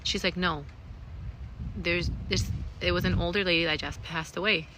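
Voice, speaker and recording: A woman's voice: fairly low pitch, steady tone, normal speed, noisy background. A young woman telling a personal ghost story in a casual, rambling way, swearing often and using lots of fillers. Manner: rambling, profane, full of fillers.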